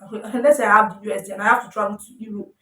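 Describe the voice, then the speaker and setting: A woman talks through a beginner's lesson, stopping to check that listeners follow and fixing her own words as she goes. Her voice sits at an everyday middle pitch. It sounds roomy and a little distant from the microphone. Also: steady tone, racing, bright, forceful tone. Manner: repeats "you understand?", corrects herself often. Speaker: forex trading teacher. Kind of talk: informal tutorial explaining slides. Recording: roomy sound, voice away from the mic.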